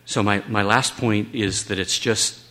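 A man's voice: lowish voice, fairly even intonation, unhurried, sharp tone. A man giving an earnest Bible teaching talk, emphatic with occasional wry asides. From United States.

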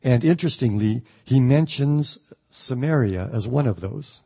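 A man teaching the Bible verse by verse, reading a passage aloud and then explaining it in plain words, with the odd pause and restart. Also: medium pitch, animated, gravelly, dark tone, husky. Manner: thoughtful, with occasional ums and restarts.

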